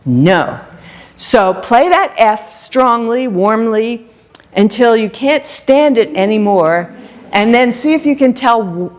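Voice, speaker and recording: A woman's voice: fairly high pitch, lively intonation, slow. A woman flute teacher giving a masterclass, explaining phrasing, singing short phrases and asking the class questions. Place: music store event space.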